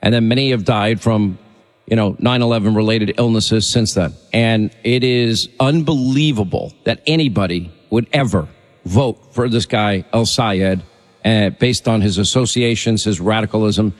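A man's voice: fairly low pitch, normal speed, in a large hall. Emphatic male talk radio host. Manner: emphatic, urgent, preachy.

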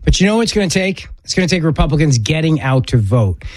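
A man hosting a political talk radio show, giving emphatic, opinionated commentary in quick bursts with frequent restarts. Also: on the high side, sing-song, darkish tone, a little hiss or hum.

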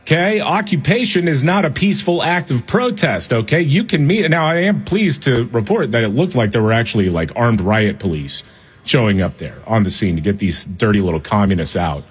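A man's voice: medium pitch, expressive, fairly quick, breathy edge. A man co-hosting a talk radio show, giving blunt, sarcastic, opinionated commentary. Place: radio studio.

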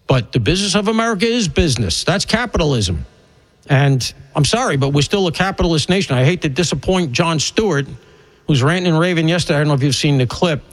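A man's voice: a little high, poor audio. A man hosting a radio talk show, delivering an opinionated, rambling monologue with emphatic punches and wry asides.

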